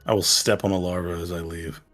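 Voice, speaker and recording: Young male player, low voice, playful. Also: little pitch movement, brisk, fairly bright tone, soft background music. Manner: joking, self-mocking. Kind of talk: casual tabletop play.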